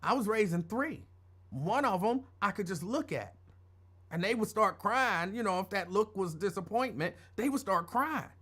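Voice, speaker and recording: A man's voice: high-pitched, lively intonation, normal speed, sharp tone, slightly rough. Middle-aged man rambling through a story. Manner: rambling, digressive, conversational. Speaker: radio show host. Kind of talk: casual personal storytelling.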